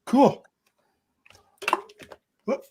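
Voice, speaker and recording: A man's voice: extremely slow, dark tone. A man from Canada, co-hosting a casual livestream chat over a video call and firing off teasing comebacks. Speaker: co-host.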